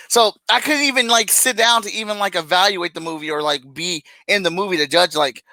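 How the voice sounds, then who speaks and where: A high-pitched man with a bright, sharp tone holds forth in a casual podcast chat. He rants with animated exasperation, breaking into laughs between points. The sound is dry and close. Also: brisk, no room sound, poor audio. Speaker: podcast co-host.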